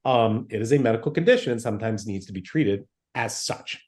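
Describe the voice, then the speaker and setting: A man's voice: fairly low pitch, animated, fairly quick, a little mellow. A man, a physician guest in an interview, explaining things emphatically with everyday examples and frequent check-ins.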